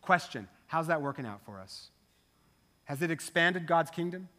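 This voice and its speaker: A man delivers a sermon in a church sanctuary, his voice pitched high for a man and ringing bright. He talks conversationally, tossing quick asides to the congregation. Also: animated. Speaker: pastor.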